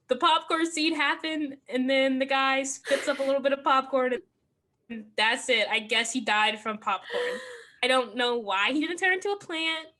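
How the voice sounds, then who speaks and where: Young woman podcast co-host, crisp bright voice, chatty and giggly. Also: on the high side, normal speed. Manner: rambling, laughing, full of "like". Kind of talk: casual chat.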